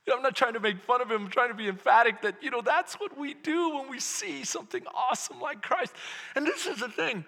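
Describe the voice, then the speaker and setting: A Texan man preaching from the pulpit with a very high, piercingly bright voice. He swings between hushed asides and loud calls to the congregation, and the sound rings with a long hall reverb. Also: brisk, creaky. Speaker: pastor. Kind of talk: sermon.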